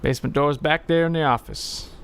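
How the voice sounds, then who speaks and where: A man voicing a sentimental old gas station owner, reading his lines in a folksy, unhurried way. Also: on the high side, fairly even intonation, creaky, a bit bright, slight background noise, pitched above the performer's own voice. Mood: helpful.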